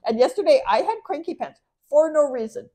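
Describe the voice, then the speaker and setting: A woman's voice: high voice, lively intonation, warm tone. Candid, self-mocking woman co-host. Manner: candid, self-deprecating, talks in quick restarts. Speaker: podcast co-host. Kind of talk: casual chat over wine.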